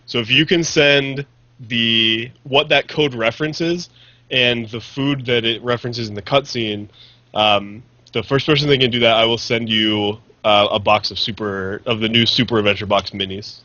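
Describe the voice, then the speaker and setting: Bright-toned male podcast co-host. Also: mid-range voice, steady tone, moderate pace, no room sound, highs cut off. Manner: explains with restarts and hesitations. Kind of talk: casual podcast chat.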